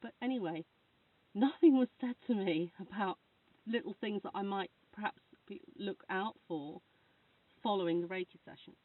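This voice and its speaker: A woman's voice: mid-range voice, normal speed. A woman who works as a Reiki practitioner, chatting casually to camera while snuggled under a duvet, rambling and laughing as she talks. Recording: tinny phone-like sound from far off.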